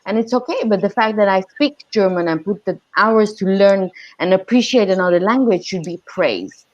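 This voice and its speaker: A woman's voice: mid-range voice, animated, normal speed, dry recording. A woman on a podcast panel giving her opinions in a direct, outspoken way. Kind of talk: casual panel discussion. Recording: dry, dull-sounding mic.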